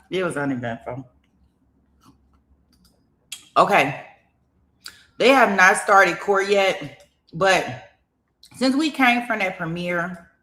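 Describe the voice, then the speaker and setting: A middle-aged woman with a fairly low yet fairly bright voice hosts a laid-back livestream about a trial. Chatty and rambling, she speaks straight to her viewers, thanks donors, and is full of fillers and restarts.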